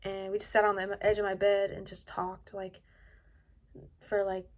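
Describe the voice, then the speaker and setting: A woman telling a personal story in a casual vlog, soft-spoken and rambling, with lots of "like" and a hushed delivery. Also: medium pitch, monotone, normal speed. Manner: often drops to a hushed, quiet delivery. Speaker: vlogger telling her own story.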